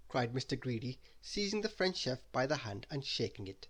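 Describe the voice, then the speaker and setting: A man reading a bedtime story aloud in an expressive, lively way. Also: mid-range voice, a little fast, creaky, hardly any pauses.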